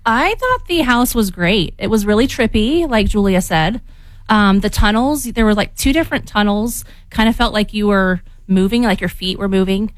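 A mother guest describing a theme park visit in an interview, halting and searching for words. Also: mid-range voice, animated, no room sound, rough recording. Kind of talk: casual interview.

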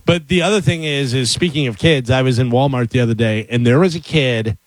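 A middle-aged man tells stories in a casual chat with friends, speaking a little fast at medium pitch. He's an animated storyteller who acts out other people's voices as he goes, and there's no room sound.

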